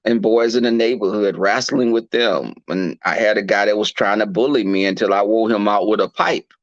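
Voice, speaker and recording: A man telling a candid personal story in a blunt, animated and profane way. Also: lowish voice, moderate pace, no echo, dull audio. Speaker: podcast host.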